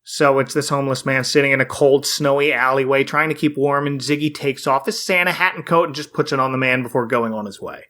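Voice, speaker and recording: A man's voice: mid-range voice, fairly quick, few pauses, pushed and bright. A man hosting a podcast, casually recapping an old cartoon plot scene by scene and laughing often. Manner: narrates plot, frequent laughs. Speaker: podcast host.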